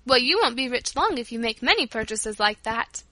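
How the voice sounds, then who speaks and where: A woman's voice: on the high side, expressive, normal speed, pushed and bright, no room sound. A woman voicing a stern, practical older housekeeper in a storybook reading, with a scolding, matter-of-fact manner.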